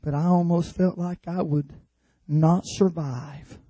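A man preaching a sermon at a youth camp in an impassioned way, building from quiet appeals to shouted cries. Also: on the high side, steady tone, slow, slightly rough, dry recording.

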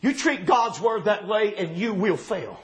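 A man with a strikingly high voice delivers a sermon with fervor. He swings between shouted, ringing declarations and low, hushed passages. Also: expressive, measured pace. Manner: impassioned, often shouting, then dropping low and quiet. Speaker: preacher.

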